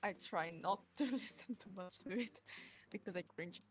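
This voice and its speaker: A woman chatting casually, quiet and hesitant, often trailing off mid-sentence. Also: mid-range voice, normal speed, breathy edge, no echo, faint music behind. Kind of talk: casual chat.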